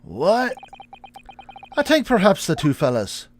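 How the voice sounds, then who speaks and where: A man's voice: high-pitched, wildly swooping pitch, slow pace, slight background noise, voice pushed up, heavily acted. A man voicing a humble, folksy game character who rambles in a lilting way. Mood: sly.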